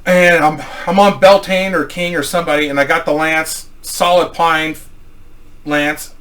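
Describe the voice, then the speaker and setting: A middle-aged man spins a crude personal story, cursing constantly and rambling through restarts. His voice sits a little high and comes out bright and forceful. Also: unhurried. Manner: profane, rambling, animated storytelling with acted quotes. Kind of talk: crude casual anecdote.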